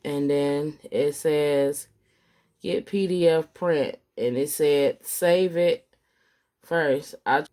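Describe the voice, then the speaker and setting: A woman with a deep, mellow voice hosts a casual step-by-step craft tutorial. She talks unhurriedly in plain instructional language, though her throat is itchy from allergies.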